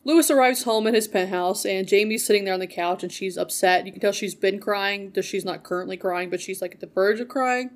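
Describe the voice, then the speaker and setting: A woman's voice: mid-range voice, brisk, few pauses. A woman co-hosting a podcast, casually narrating TV scenes and quoting the characters. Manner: narrates scenes, quotes characters in changed tones. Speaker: podcast co-host. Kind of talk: casual recap chat.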